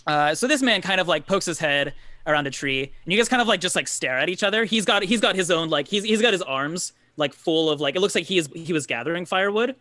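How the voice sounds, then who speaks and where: Brief: male game master, bright tone, dry close recording, loose rambling narration. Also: high-pitched, animated, fast talker, no room sound. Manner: rambling, lots of filler words.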